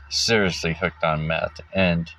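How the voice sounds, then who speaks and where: A man casually telling a personal story, halting often with fillers and restarts and giving wry little laughs. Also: deep voice, very animated. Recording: dull lo-fi recording.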